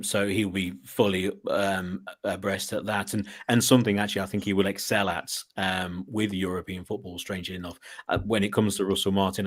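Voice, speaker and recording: A man with a fairly low voice, chatting as a guest on a podcast. He talks in a loose, rambling way, circling back with restarts and fillers. The tone stays casual and conversational. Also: a bit bright. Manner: chatty, rambling, laughs at his own asides.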